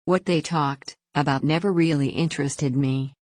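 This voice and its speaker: Female story reader, very low voice, dry close sound, plain even first-person narration. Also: moderate pace, no room sound.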